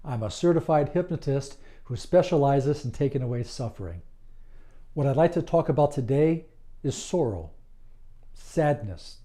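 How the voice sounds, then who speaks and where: A medium-pitched man speaks as a certified hypnotist, giving a slow, earnest promotional monologue. He's calm and deliberate, pausing at length in a soothing way.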